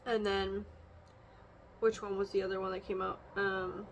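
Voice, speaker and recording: A woman's voice: mid-range voice, little pitch movement, a little slow, slight background noise. A young woman casually talking through an oracle card reading and her feelings, rambling, with frequent fillers and restarts. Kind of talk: casual reflective vlog.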